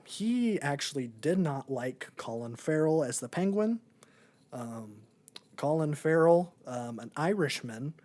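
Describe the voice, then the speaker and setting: A man's voice: fairly high pitch, warm tone. A young man co-hosting a podcast, chatting casually about a movie in a rambling, laid-back way with lots of filler. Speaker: podcast co-host. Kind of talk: casual movie review chat.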